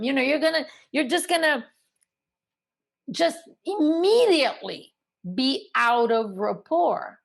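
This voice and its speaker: A woman coaching real estate agents in an energetic, emphatic teaching talk, full of rhetorical questions. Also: mid-range voice. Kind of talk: instructional talk to the camera.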